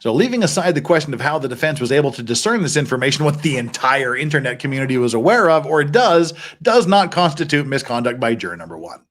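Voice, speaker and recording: A man's voice: mid-range voice, very animated, quick pace, few pauses, fairly bright tone. A middle-aged man hosting a legal commentary stream, reading court filings aloud with sarcastic, wry asides.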